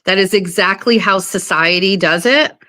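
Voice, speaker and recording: A woman chatting casually on a live stream from her kitchen table, excitable and swearing, often gasping and laughing. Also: medium pitch, normal speed.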